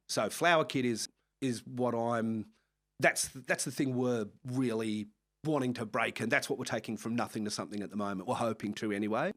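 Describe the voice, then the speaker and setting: A man with an Australian accent, a music manager telling lively anecdotes in a casual interview. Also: medium pitch. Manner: animated anecdotes with frequent laughs and acted-out quotes. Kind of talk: casual storytelling chat.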